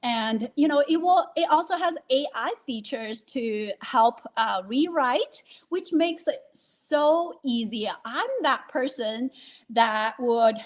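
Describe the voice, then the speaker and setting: Slow-talking woman host, full of fillers. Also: sits high, expressive. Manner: hesitant, many fillers, affirming. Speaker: podcast host. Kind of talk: casual interview chat.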